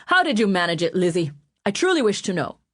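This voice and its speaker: A woman's voice: low voice, slow pace, no echo, clean studio sound. A woman voicing a scheming, furious male royal spymaster who snarls and menaces in an audiobook. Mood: snarling.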